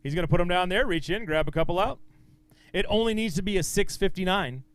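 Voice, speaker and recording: A man with a high, clear, smooth voice calls out anglers and their weights at a tournament weigh-in. He sounds upbeat and encouraging, trading quick banter with each angler on stage. The sound is close and dry. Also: dry recording. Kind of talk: live weigh-in announcing.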